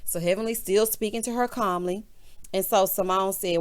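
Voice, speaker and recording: Talking directly to her audience, a woman gives a sassy, gossipy, casual recap of a reality show. Her medium-pitched voice is clean and steady, moving at a normal pace.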